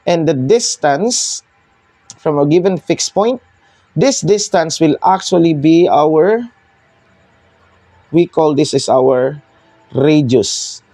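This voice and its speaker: Filipino man teaching math, mellow tone. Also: fairly high pitch, no room sound. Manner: code-switching, explaining step by step with pauses. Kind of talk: whiteboard math lesson.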